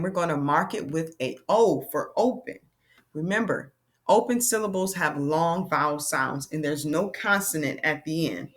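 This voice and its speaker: A woman teaches a phonics lesson at a slow, deliberate pace, with a somewhat low voice. She sounds out words patiently and addresses the children directly.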